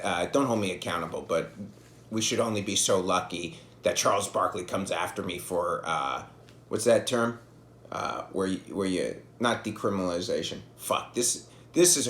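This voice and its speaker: A man in his thirties rambling through a casual podcast monologue, swearing often and mocking himself as he tells stories. His voice swings widely in pitch, and the room around him rings with echo. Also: a bit bright. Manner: profane, self-deprecating storytelling. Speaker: podcast host. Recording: echoey room.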